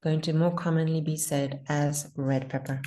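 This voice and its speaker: A woman teaching pronunciation in an online class, patiently modeling words slowly and repeating them. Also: sits low, steady tone, warm tone, a little hiss or hum.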